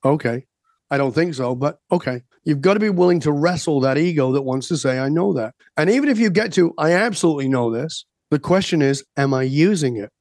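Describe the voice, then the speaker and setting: A man's voice: on the high side, fairly quick, darkish tone, no echo, studio quality. A man being interviewed on a podcast as a coach, talking in an emphatic way that builds to a preachy intensity. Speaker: guest coach.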